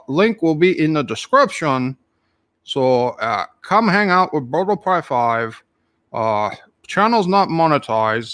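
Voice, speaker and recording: A man putting on a jolly leprechaun with a thick, put-on Irish brogue, rambling and joking as he spins his tall tales. The voice sits a little high for a man, and the sound is close and dry with hardly any room around it. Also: fairly bright tone, no echo. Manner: rambling, jokey, full of "aye" and "wee lad". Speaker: channel host. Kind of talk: comic character monologue.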